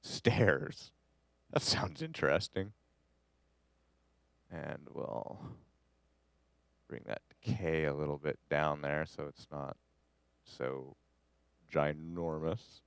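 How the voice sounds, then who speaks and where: A man from Canada teaches a live studio class on music production, with a very low voice. He rambles and cracks jokes while he edits, and the sound is dry and close. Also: lively intonation, slow, vocal fry, pauses often, a bit bright, clean tone, no room sound. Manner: rambling, jokey, talks to the audio as he edits.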